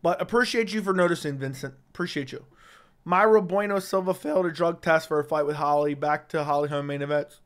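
A man's voice: fairly high pitch, fairly quick. A man chatting on a livestream in a blunt, outspoken way, his voice strained and worn from too much talking. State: strained, tiring voice. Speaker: MMA commentary streamer. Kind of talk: casual livestream chat.

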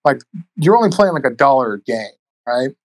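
A man's voice: medium pitch, sing-song, a little fast, no room sound, low-quality recording. Profane, laid-back male podcast guest. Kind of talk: casual storytelling. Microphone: cheap USB microphone.

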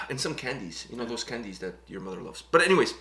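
A man co-hosting a reaction channel, chatting casually in an animated way and often repeating or restarting his phrases. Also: mid-range voice, quick pace, echoey room.

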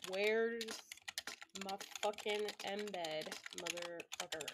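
A woman streaming live, talking slowly in an unhurried, rambling way. She mutters to herself with plenty of fillers and casual swearing, at an ordinary pitch. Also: heavy background noise. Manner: rambling self-talk with frequent swearing and fillers.

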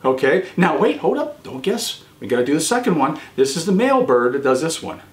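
A man hosting a children's show, quizzing young viewers and praising each answer warmly. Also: sing-song, fairly quick, heavy background noise. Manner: encouraging, praises often, pitch jumps on answers. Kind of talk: quiz for children. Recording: echoey room.

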